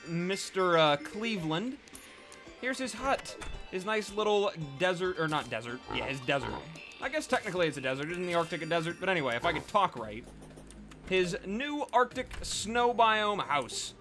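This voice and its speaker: A man's voice: a little high, bright, forceful tone. A man giving casual, rambling gameplay commentary as a let's play host, chatty and full of fillers.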